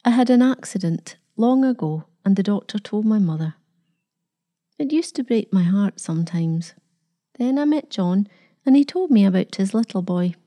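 Young bride, quiet and plain-spoken, close to tears, read by a woman with a deep, mellow tone. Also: lively intonation, normal speed, close to an everyday voice. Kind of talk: storybook reading.

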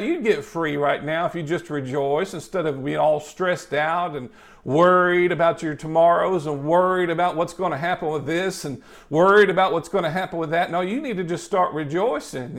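A male preacher giving a folksy, upbeat sermon, often adding "you know" and chuckling between points. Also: sits high.

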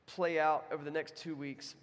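A young adult man delivers a sermon from a church, talking in a relaxed, conversational way as he tells stories. His voice sits a bit high for a man, and a long reverb from the hall trails each phrase. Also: moderate pace. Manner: storytelling, conversational, voices quotes with big swings. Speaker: pastor. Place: church sanctuary.

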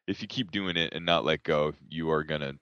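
A man co-hosting a podcast, telling a story in a laughing, animated way. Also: rumbling low, brisk, clear, resonant tone, no room sound. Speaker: podcast co-host. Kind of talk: casual storytelling chat. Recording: dull, dry lo-fi audio.

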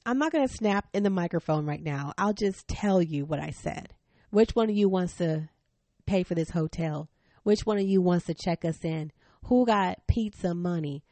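A middle-aged woman hosting a parenting podcast, telling a family story in a frank, animated way, laughing often. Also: lowish voice, no room sound. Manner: stern, frank. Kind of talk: personal storytelling.

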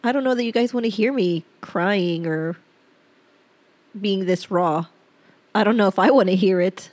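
A middle-aged woman hosting a personal podcast, reading her own journal aloud. She talks in an open, reflective, halting way and gets choked up near tears. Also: medium pitch, a little mellow. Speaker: podcast host.

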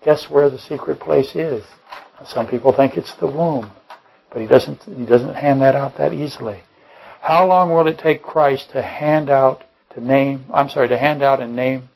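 A man's voice: mid-range voice, moderate pace, vocal fry, darkish tone, low-quality recording. A man preaching a Bible-study sermon, rambling and correcting himself mid-sentence, firing off rhetorical questions and dropping joking asides. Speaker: pastor.

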